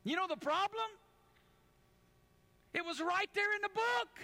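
A man's voice: very high voice, measured pace, bright, forceful tone. A man preaching a sermon in an earnest way, often repeating words as he starts a thought.

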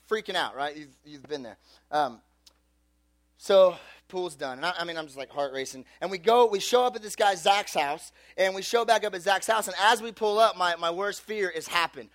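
A man with a high voice tells a personal story as a sermon, animated and chatty. He leans on casual fillers and acts out the people in the story as he goes. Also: brisk, no echo, studio quality. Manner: animated, filler-heavy storytelling with acted-out quotes.

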